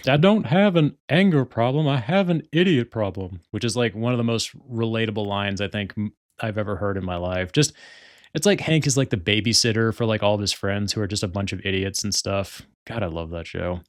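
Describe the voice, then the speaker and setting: Fairly low-pitched and fairly quick, a young man runs his own podcast in a dry, studio-quality recording. His talk is loose and rambling, full of fillers and punctuated by frequent laughter.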